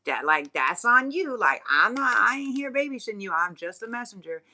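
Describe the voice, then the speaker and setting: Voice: medium pitch, sing-song, moderate pace, sharp tone, slight background noise. A spiritual reader talking straight to the viewer in an unscripted reading, blunt and profane, with many restarts and asides. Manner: speaks straight to the viewer as "you guys". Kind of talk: unscripted channeled reading monologue.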